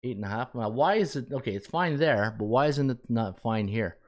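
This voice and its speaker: A man's voice: medium pitch, expressive, moderate pace. A man with a Canadian accent hosting a sports betting podcast, chatting casually, thinking aloud and joking with himself as he works through the numbers.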